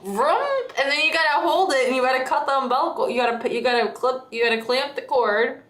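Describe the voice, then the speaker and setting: A woman's voice: high voice, fairly even intonation, quick pace, a bit bright. Giggly, teasing woman streamer. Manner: giggly, laughs often, teasing. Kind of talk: casual livestream chat. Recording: echoey room.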